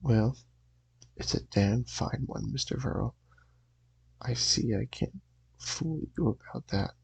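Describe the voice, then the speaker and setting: A man voicing a shrewd college professor who haggles, with a raspy voice. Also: mid-range voice, takes it slowly, heavily acted. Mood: haggling.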